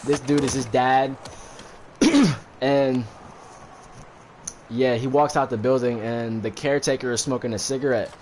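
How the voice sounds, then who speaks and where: A man's voice: mid-range voice, steady tone, unhurried, pauses often, darkish tone. Man, casual rambling storyteller, lots of fillers, faint background noise. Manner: rambling, heavy fillers, profane. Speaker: streamer recapping a movie while gaming. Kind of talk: casual slangy retelling with acted quotes.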